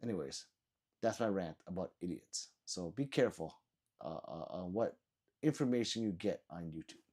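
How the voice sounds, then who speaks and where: A man's voice: low-pitched, lively intonation, normal speed, a little mellow, breathy edge. Sleepy, profane man ranting on stream. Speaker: live streamer. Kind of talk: casual live-stream rant and chat reading.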